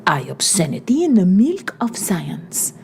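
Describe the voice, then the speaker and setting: A woman reading the part of a fierce, coarse older guerrilla woman who rages and curses in a deep voice. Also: huge pitch swings, a little slow, gravelly, darkish tone, slight background noise, full character voice. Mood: raging. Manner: raging, cursing, blunt.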